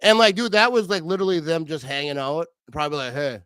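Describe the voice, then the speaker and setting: Young male co-host, relaxed and jokey; slightly high voice, dry close mic. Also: fast, clean tone, dry recording. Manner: laid-back, joking, says "dude" a lot. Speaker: podcast co-host. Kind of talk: casual sports chat.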